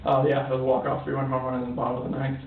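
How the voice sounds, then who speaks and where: A man answering questions in a police interview, with halting, hesitant replies. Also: mid-range voice, monotone, roomy sound. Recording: tinny distant archive interview audio with faint noise.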